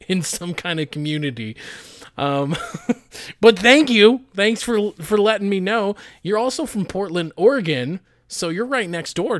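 A man's voice: a little high, fairly bright tone, no echo, clean studio sound. A young man hosting a podcast, chatting casually and crudely joking as he reads out listener messages, often laughing. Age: young adult. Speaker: podcast host. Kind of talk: casual chat.

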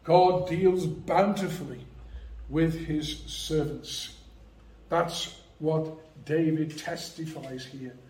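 A man preaching from the pulpit with slow, deliberate delivery and a slightly raised pitch. His voice rings through an echoey church, picked up from a little way off the mic. He is measured and emphatic, pressing on each key phrase. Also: warm tone, recorded from a distance. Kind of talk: sermon.

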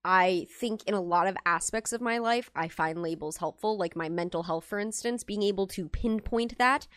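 A woman's voice: medium pitch, moderate pace, fairly bright tone, no echo, clean studio sound. A young woman hosting a casual group discussion over an online call, talking earnestly and rambling with restarts. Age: young adult.

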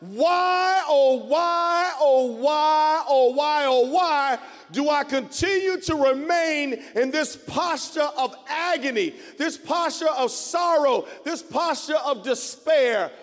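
A man's voice: very high-pitched, takes it slowly, hardly any pauses, voice pushed up. A man preaching acts out an anguished person crying out to God in despair, with repeated wailing pleas. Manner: wailing, pleading, repeated cries. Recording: long hall reverb.

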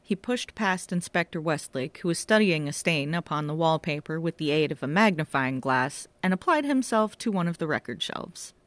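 A woman reading a novel aloud as narrator, wry and measured. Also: deep voice, expressive, a bit bright, no room sound. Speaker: audiobook narrator. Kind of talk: scripted narration.

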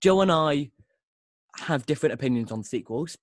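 A man's voice: on the high side, lively intonation, moderate pace, dry recording. A man hosting a casual podcast chat, talking enthusiastically and restarting often. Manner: enthusiastic, rambling, with frequent restarts. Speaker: podcast host.

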